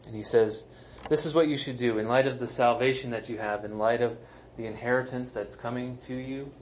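A man's voice: mid-range voice, steady tone, brisk, a little hiss or hum, poor audio. A man, a pastor, preaching a sermon in a conversational, emphatic way with self-deprecating asides. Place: church sanctuary.

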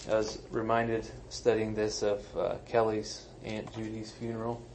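A pastor gives a sermon in a somewhat low voice. He speaks in a conversational, emphatic way and tosses in self-deprecating asides. A faint hiss sits under the recording. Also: completely flat delivery, measured pace, darkish tone, low-quality recording. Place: church sanctuary.

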